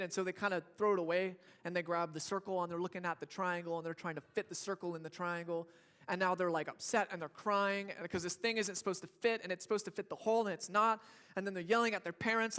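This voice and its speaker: A young man with a high voice preaching to his church congregation. He keeps it casual and funny, slipping into quick acted-out voices of struggling people and fussing babies before landing his point. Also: steady tone, fairly bright tone, clear, resonant tone. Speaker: pastor. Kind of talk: sermon.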